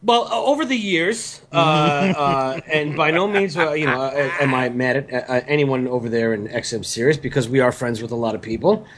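A man's voice: mid-range voice, normal speed, hardly any pauses, a bit bright, slight background noise. A man co-hosting a podcast, speaking hesitantly and in a roundabout way with many fillers. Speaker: podcast co-host. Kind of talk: casual chat.

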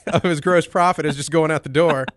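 A man's voice: a little high, fairly even intonation, a little fast, fairly bright tone. A man co-hosting a casual chat, cracking dry sarcastic jokes. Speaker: co-host.

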